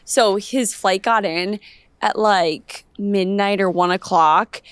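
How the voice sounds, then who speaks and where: A young woman co-hosting a casual chat podcast, telling a story in an animated way and acting out her quoted lines. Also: mid-range voice, slow pace, clear, resonant tone, no room sound. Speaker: podcast co-host.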